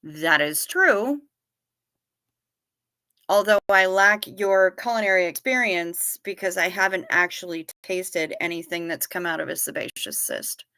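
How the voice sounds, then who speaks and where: A woman's voice: on the low side, sharp tone, clear, resonant tone, no echo, studio quality. A woman hosting a casual livestream, reading viewer comments aloud and answering them in a blunt, teasing way. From United States. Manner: blunt, salty, quick to tease. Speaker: livestream host.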